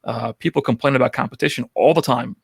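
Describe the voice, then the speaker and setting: A man with a New York accent speaks quickly in a gravelly, husky voice, friendly and open as he chats as a podcast guest. The sound is dry and close, with no room behind him. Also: medium pitch, steady tone, no echo. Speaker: podcast guest, rental business owner. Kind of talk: casual interview chat.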